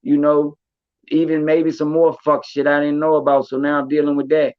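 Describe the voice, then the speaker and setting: A man's voice: a little high, monotone, moderate pace, no room sound. A man telling his story in casual talk, streetwise and full of repeated words and fillers. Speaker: podcast host. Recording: dull lo-fi recording.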